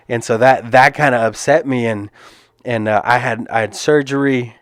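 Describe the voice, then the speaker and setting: A man's voice: mid-range voice, fairly even intonation, normal speed, a bit bright, clear, resonant tone, no echo, studio quality. A young man hosting a podcast, telling a personal story in a casual, earnest way, often restarting and repeating his words. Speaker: podcast host and MMA fighter.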